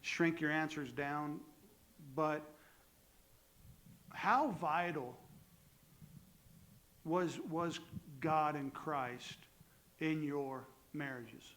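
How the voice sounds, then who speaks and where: A middle-aged man, a pastor, moderating a church panel in a halting way, restarting his phrases as he searches for words. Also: a little high, a bit bright, slight background noise, poor audio.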